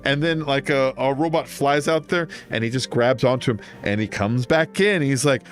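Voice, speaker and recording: A man's voice: mid-range voice, normal speed, faint music behind. A man streaming a game, chatting casually and telling long, rambling stories full of fillers. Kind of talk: casual chat while gaming.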